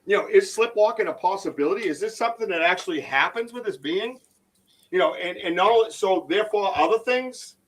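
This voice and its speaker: A Bigfoot researcher who hosts a podcast runs a loose livestream chat, his voice slightly high for a man and brisk. He rambles excitedly and keeps restarting sentences, sounding set back from a distant mic on poor audio.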